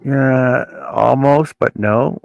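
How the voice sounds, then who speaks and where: A man co-hosting a casual chat, explaining haltingly and repeating words. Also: medium pitch, steady tone, creaky, dry recording, lo-fi sound. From Canada. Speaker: livestream co-host.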